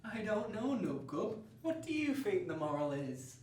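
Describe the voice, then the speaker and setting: A man's voice: high voice, big pitch swings, unhurried, a little mellow. A man hosting a comic children's story show, narrating in a cheery, exaggerated storybook way. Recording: roomy, distant mic with faint noise.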